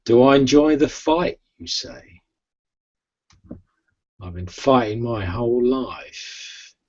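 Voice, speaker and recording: A man playing a proud, blunt male vampire who loves a fight and talks gruffly, trailing off quietly, over a lo-fi video call. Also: mid-range voice, expressive, slow pace.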